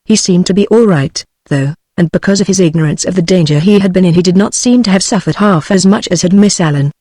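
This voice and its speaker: A synthetic female text-to-speech voice with a British English accent, reading a novel as an audiobook narrator in an even, measured way. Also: lowish voice, no echo, studio quality. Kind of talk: scripted narration.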